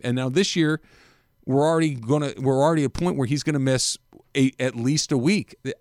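A man's voice: mid-range voice, no room sound, clean studio sound. A man hosting a sports radio show, chatting casually and telling stories with frequent laughter. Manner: laughs often, animated storytelling. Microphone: studio microphone.

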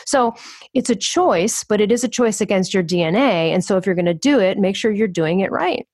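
A woman talking as an interview guest, emphatic and animated, acting out other people's lines as she goes. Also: mid-range voice, fairly quick, husky, no room sound, clean studio sound. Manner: emphatic, acts out quoted voices.

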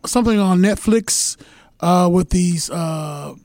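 A man's voice: high-pitched, slow pace, a little mellow, no echo, studio quality. A man on a casual podcast panel, telling a rambling story.

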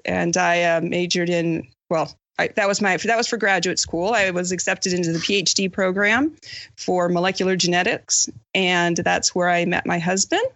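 A woman's voice: lowish voice, fairly even intonation, normal speed, fairly bright tone, dry recording. A woman from Maine, a podcast guest telling her story in a friendly, chatty way. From Maine, USA. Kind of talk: casual podcast interview.

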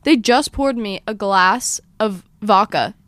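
A woman in her twenties hosting a podcast, telling a story in a fast, animated way and acting out the quotes. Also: medium pitch, dry recording, studio quality. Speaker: podcast host. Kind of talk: casual storytelling chat.

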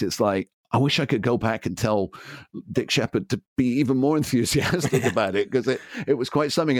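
A man's voice: medium pitch, no echo, clean studio sound. An enthusiastic man in his sixties with an English accent, a DJ telling long stories as an interview guest and acting out the voices he quotes. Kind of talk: anecdotal interview storytelling.

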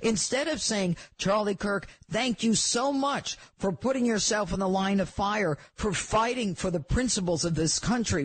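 Emphatic female radio host, husky voice, dry studio sound. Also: mid-range voice, lively intonation, normal speed, few pauses, no room sound. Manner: emphatic, impassioned. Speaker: radio talk show host. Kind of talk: radio interview.

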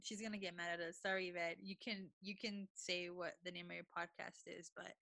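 A woman co-hosting a casual podcast chat, telling stories in a lively way, often stopping to correct herself and laughing. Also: fairly low pitch, brisk, gravelly, dry recording. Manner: lively storyteller who backtracks and corrects herself; laughs often, switches languages mid-sentence. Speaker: podcast co-host.

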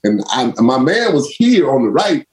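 A man's voice: mid-range voice, normal speed. An older man, a former pro football player, telling stories casually in an interview and acting out quotes in a raised voice. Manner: animated, acts out quotes in raised voice, laughs often. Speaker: former pro football running back, guest.

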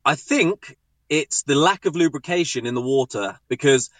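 A man's voice: on the high side, expressive, moderate pace, fairly bright tone, no room sound. A man in his twenties with a southern English accent, a guest chatting casually on a podcast with cheeky, joking asides. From southern England. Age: 20s.

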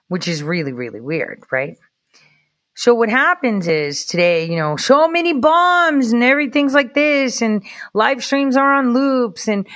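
A woman live-streaming casual commentary, excitable and rambling, with quick asides to her chat. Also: on the high side. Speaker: livestreamer.

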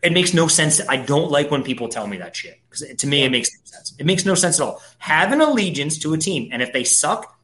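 A man's voice: fairly high pitch, very animated, brisk, hardly any pauses, fairly bright tone. A man, ranting profanely as a podcast co-host in casual sports chat.

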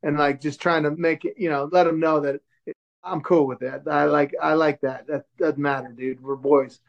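A show host in his forties, appearing as a podcast guest, tells a story in casual chat with a fairly high voice, normal speed and vocal fry. He's animated, acting out the voices of the people he quotes, and the sound is dull and lo-fi.

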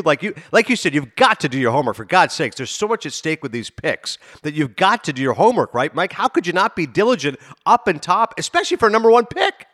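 A man co-hosting a sports podcast, joking in a quick, conversational way. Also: a little high, very animated, fairly bright tone. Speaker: podcast co-host. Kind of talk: casual sports podcast chat.

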